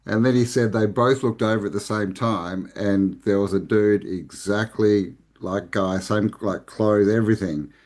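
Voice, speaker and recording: A relaxed Australian man chatting as a podcast guest, with a fairly low voice. He rambles loosely and restarts his sentences often. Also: measured pace, hardly any pauses. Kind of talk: casual conversation.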